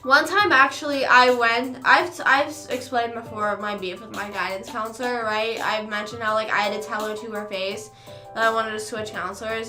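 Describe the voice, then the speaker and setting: Chatty young woman, bright voice. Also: fairly high pitch. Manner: rambling storytelling with quick asides. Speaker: streamer. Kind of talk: casual chat. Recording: echoey room with faint music.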